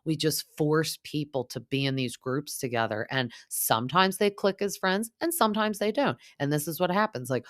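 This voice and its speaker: A young woman hosting a podcast, recapping reality TV in a chatty, gossipy way and quoting the cast in quick impressions. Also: sits low. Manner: chatty, gossipy, lots of "like", mimics cast members. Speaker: podcast host.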